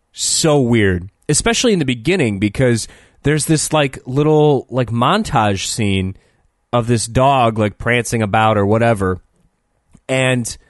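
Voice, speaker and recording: A man's voice: mid-range voice, no echo, clean studio sound. A man co-hosting a podcast, talking casually and profanely with an exasperated tone as he reviews a film, laughing often. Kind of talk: casual comedic chat.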